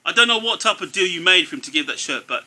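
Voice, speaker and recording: A man's voice: sits high, expressive, quick pace, sharp tone. A middle-aged man, a father ranting about football in casual banter, tacking "mate" onto nearly every phrase. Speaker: co-host, father.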